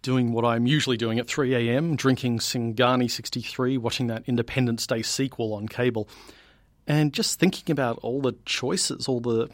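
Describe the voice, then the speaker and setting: A man's voice: medium pitch, fairly even intonation, moderate pace, dry recording. A man co-hosting a comedy podcast, telling a story in a dry, rambling way. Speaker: podcast co-host. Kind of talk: comedic scripted chat.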